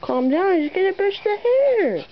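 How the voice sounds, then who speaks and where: Pet owner, woman, high coaxing sing-song; dull camcorder sound, faint hiss. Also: sing-song, a little slow. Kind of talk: talking to her dog while grooming. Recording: dull home video with faint noise.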